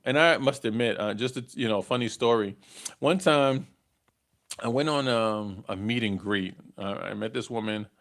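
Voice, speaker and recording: A middle-aged man with a lowish, gravelly voice hosts a live dating podcast. He tells stories casually, tags his lines with "right?", and chuckles at his own tales.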